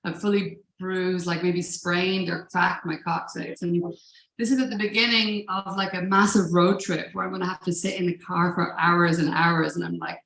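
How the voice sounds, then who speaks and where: A woman's voice: on the low side, level tone, moderate pace, gravelly, a bit bright. A woman telling a personal story at a live event, in a casual, profane manner with frequent laughs. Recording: roomy live room echo.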